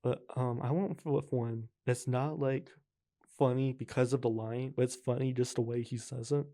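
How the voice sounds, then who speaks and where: A young man hosts a casual podcast chat at a middle pitch. He sounds relaxed and easygoing, and fillers like "like" and "um" run all through his talk. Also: normal speed. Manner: laid-back, heavy use of filler words. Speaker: podcast host.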